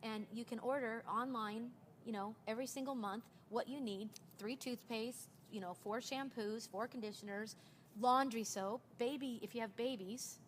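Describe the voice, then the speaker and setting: A woman's voice: a little high, normal speed, a little hiss or hum. A woman in her forties chatting casually as a recruiter sharing sales tips, telling stories and acting out the dialogue she quotes. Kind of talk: casual chat.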